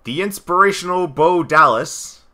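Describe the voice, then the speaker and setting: A man co-hosting a casual podcast chat, rambling excitably with frequent asides. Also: on the high side, measured pace. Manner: rambling, excitable, slips into goofy impressions. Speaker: podcast co-host.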